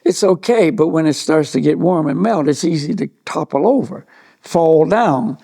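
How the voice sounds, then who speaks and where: A man giving a relaxed talk on staying calm, telling a rambling anecdote full of "you know" asides. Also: on the high side, moderate pace, creaky.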